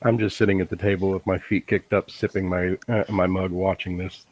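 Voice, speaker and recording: A man's voice: deep voice, flat delivery, brisk, no echo, poor audio. A man playing a tabletop game, describing his character with sly amusement. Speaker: player. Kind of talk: casual tabletop play.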